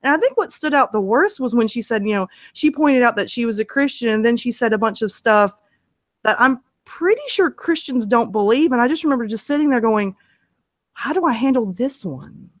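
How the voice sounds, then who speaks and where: A woman's voice: a little high, expressive, fairly quick, no room sound, clean studio sound. A woman guest in a casual interview, telling stories in a chatty way and laughing often. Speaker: interview guest, story narrator.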